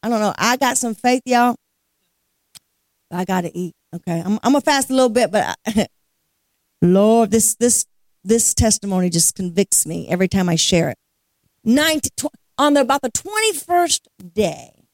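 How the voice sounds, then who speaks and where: A woman's voice: medium pitch, lively intonation, moderate pace, pauses often, no room sound, studio quality. A woman leading worship at a church service, telling a testimony as a storyteller with a preacher's cadence and laughing as she talks. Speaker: guest worship leader. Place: church sanctuary.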